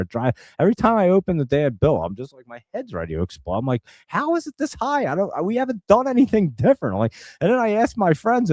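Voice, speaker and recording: A man's voice: mid-range voice, darkish tone, dry recording, clean studio sound. A man from New Jersey hosting a live stock market stream, talking casually and rambling in an exasperated way to his viewers. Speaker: stock market show host.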